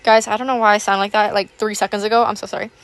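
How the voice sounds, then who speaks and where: A young woman in her teens chatting casually, rambling with lots of fillers and a self-conscious, apologetic manner; her voice sounds a little rough. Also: mid-range voice, little pitch movement, rapid-fire. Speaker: YouTuber. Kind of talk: casual chat over gameplay.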